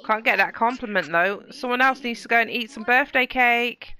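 A woman's voice: fairly high pitch, normal speed, pushed and bright. A woman hosting a casual let's play, chatting to viewers and exclaiming at what happens in the game. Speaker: gaming channel host.

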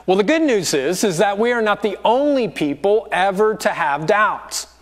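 High, lively male pastor preaching. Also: normal speed. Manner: storytelling, acting out quoted voices. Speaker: lead pastor. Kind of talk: sermon. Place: church auditorium.

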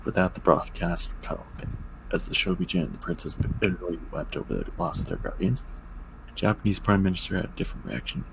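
A man's voice: deep voice, lively intonation, brisk, creaky, noisy background. A man reading a fan-written story aloud, with joking asides and stumbles on words. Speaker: story reader.

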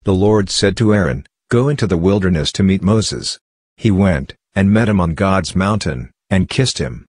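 A man reading the Bible aloud in a steady, measured way. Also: low-pitched, dry recording, clean studio sound. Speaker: Bible reader.

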